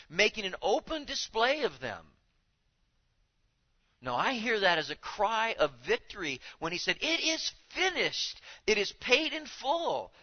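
A man's voice: fairly high pitch, dull audio. A man preaching a sermon in an earnest way, building to emphatic lines and repeating words as he goes. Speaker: pastor.

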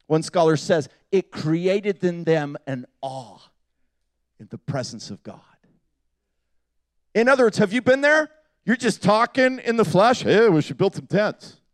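A man preaching a sermon with passion, swinging from loud appeals to hushed, quiet asides. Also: high voice, expressive, unhurried, long pauses, no echo.

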